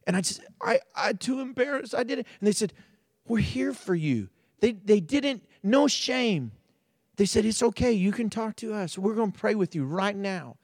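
High-voiced impassioned male preacher. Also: lively intonation, normal speed, dry recording, clean studio sound. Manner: impassioned preaching, swinging between loud emphasis and hushed storytelling. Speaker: pastor. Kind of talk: sermon.

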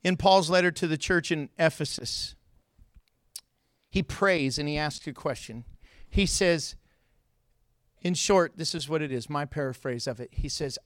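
A man preaching a sermon as pastor, telling stories in an animated way, with loud, high outbursts, and joking and laughing between points. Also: moderate pace, no echo, clean studio sound. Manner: animated storytelling, gets loud and high acting out scenes.

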